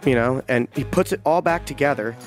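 A man's voice: mid-range voice, soft background music. Man telling a gripping story. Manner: vivid, halting retelling with frequent restarts. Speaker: hunting guide. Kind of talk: first-person storytelling.

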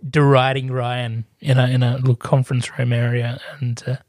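A man's voice: medium pitch, little pitch movement, moderate pace, a little mellow, no echo, studio quality. A man chatting casually about films and actors, hesitant and full of small fillers. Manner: hesitant, many fillers, trivia-minded. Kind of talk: casual film chat.

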